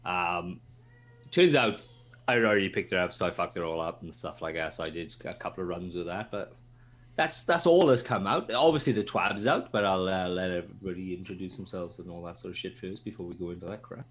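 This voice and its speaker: A man on a casual gaming podcast, swearing freely and telling stories animatedly, acting out what people shouted. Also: low-pitched, fairly quick. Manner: swears a lot, animated storytelling, acts out shouted quotes. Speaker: podcast co-host.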